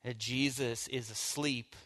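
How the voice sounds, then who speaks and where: A man's voice: mid-range voice, steady tone, slow, sharp tone. A man leading a church bible study, teaching in an informal, conversational way and asking the group questions. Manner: informal, asks the group questions, casual fillers.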